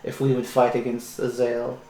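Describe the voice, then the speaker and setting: Guy playing raspy snake-like spirit voice, low and solemn, echoey room. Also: monotone, moderate pace, dark tone, close to an everyday voice. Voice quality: raspy, hissing. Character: serpentine raspy ancient spirit voice. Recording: roomy with faint music.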